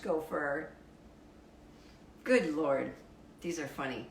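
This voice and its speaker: A woman with a deep, raspy voice hosting a casual live stream, reading out fun facts and viewer comments in a wry, playful way, swearing freely. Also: normal speed, echoey room, a little hiss or hum, rough recording.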